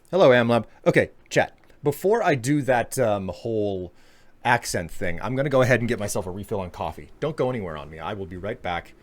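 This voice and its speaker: A man's voice: fairly low pitch, expressive, a little fast. Chatty congested man streaming a game. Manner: chatty, talks straight to his chat, self-mocking. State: congested from allergies. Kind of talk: live gameplay commentary.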